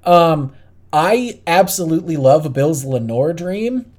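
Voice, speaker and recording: A man's voice: on the high side, expressive, slow, a little mellow. A man co-hosting a casual podcast, talking candidly and thinking aloud with frequent restarts. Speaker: podcast co-host. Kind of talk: casual chat.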